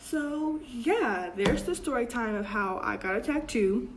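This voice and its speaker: A young adult woman talking to her camera in a relaxed, slang-heavy storytime voice that sits a little high. She keeps up a chatty, gossipy flow and slips into quick impressions of her family's lines. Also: background noise. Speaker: vlogger. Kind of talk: casual storytime.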